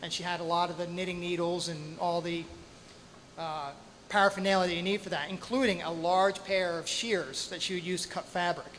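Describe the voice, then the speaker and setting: A man with a high voice tells a dramatic story live on stage, drawing it out with pauses and spoken sound effects, poking fun at himself along the way. The hall's long reverb trails after each phrase, with faint ambience underneath. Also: level tone, fairly bright tone, slight background noise. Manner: self-deprecating humor. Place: stage in a hall at a storytelling night.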